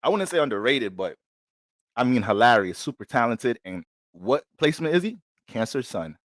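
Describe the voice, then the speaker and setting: A man hosting an astrology livestream, talking in a loose, slangy, animated storytelling way. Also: mid-range voice, normal speed, dry recording, clean studio sound. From Bronx, New York. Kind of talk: casual livestream chat.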